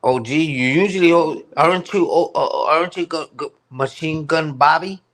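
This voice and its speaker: A man's voice: a little high, normal speed, a bit bright. A man ranting casually on his live stream. He repeats himself, uses heavy slang and keeps asking "you heard?".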